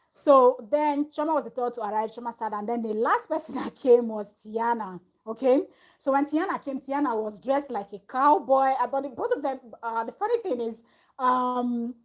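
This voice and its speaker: A woman's voice: high-pitched, expressive, moderate pace. A woman recapping a reality show in a chatty, gossipy way, laughing often. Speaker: reality TV reviewer. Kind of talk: casual recap chat.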